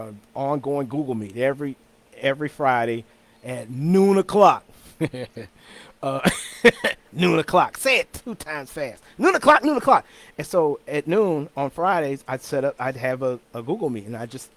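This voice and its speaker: A man hosting his own weekly talk show, chatting casually in an easygoing, rambling way with frequent restarts and repeated words. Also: medium pitch. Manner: chuckles between thoughts. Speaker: host of a weekly talk stream.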